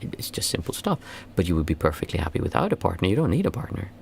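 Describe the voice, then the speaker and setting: Earnest low-voiced male meditation teacher. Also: huge pitch swings, rapid-fire, gravelly, a little mellow, slight background noise. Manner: earnest and rambling, with frequent restarts; voice jumps high when stressing a point. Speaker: meditation teacher answering questions. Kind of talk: casual spoken Q&A talk.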